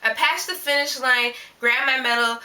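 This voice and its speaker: A woman vlogger recounting a story in casual, animated chat, filling her sentences with "like". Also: high voice, normal speed. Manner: rambling and animated, constant "like" fillers. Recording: voice a little distant from the mic.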